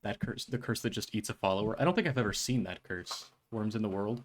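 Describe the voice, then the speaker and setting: This gamer talks fast in a lowish voice while streaming, rambling and joking, tripping over words and erupting in loud excitement now and then. A little hiss or hum sits in the background.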